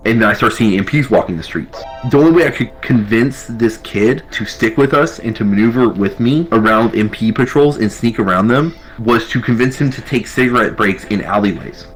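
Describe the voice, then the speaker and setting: An army veteran recounting a wild night in a rambling, profane, casual way. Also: male voice, medium pitch, fast talker, few pauses, faint music behind, rough recording. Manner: rambling, profane, full of fillers. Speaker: army veteran telling his story. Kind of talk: casual storytelling.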